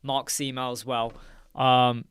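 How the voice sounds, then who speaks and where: A man's voice: medium pitch, level tone, takes it slowly, fairly bright tone, smooth, no room sound. A man hosting a casual live chat, reading out viewer comments and joking with them. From United Kingdom. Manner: chatty, jokey, reads viewer comments aloud and laughs often. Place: dark room with soundproof panels.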